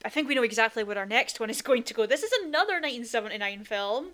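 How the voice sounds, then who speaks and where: A woman's voice: fairly high pitch, animated, rapid-fire, a bit bright. A woman co-hosting a podcast, chatting casually and with strong opinions about films, with lots of "like" fillers. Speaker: podcast co-host. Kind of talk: casual film chat.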